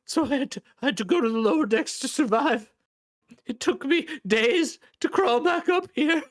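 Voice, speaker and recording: A man's voice: very high-pitched, animated, moderate pace, no room sound, voice pushed up. Man voicing a desperate one-footed beggar, whiny, reedy, pleading, dry close sound.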